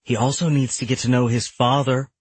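A man voicing a demanding ex-wife with a strong Southern US accent, pushy and dismissive in a husky voice. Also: medium pitch, flat delivery, brisk, no room sound, pitched above the performer's own voice, lightly acted. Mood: curt.

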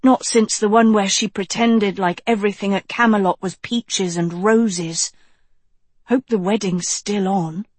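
A woman's voice: mid-range voice, steady tone, measured pace, husky, dry recording. A woman voicing a chatty, naive young witch. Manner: chattery, mouth full.

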